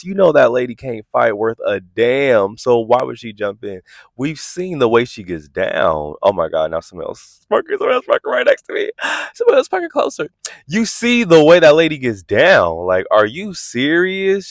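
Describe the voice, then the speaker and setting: Animated, sassy man reviewing reality TV. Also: fairly high pitch, no echo. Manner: animated, incredulous, sassy, keeps asking "are you serious". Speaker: reality TV reviewer, channel host. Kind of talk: casual commentary vlog.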